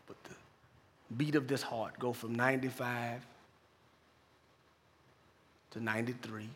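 A man preaching a sermon, telling a quiet story from his hospital chaplain work and building to loud, fervent preaching. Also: medium pitch, slightly rough. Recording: long reverb of a large hall.

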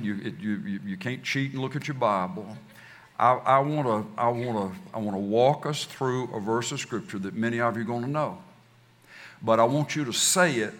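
A man preaching a sermon as pastor, leading his congregation in call and response with slow, emphatic recitation. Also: mid-range voice, a bit bright. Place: church sanctuary. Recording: distant hall reverb, faint ambience.

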